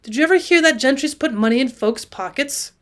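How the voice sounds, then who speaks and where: A woman reading the lines of a fierce, crafty Highland man in a loud, gruff voice. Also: expressive, a little fast.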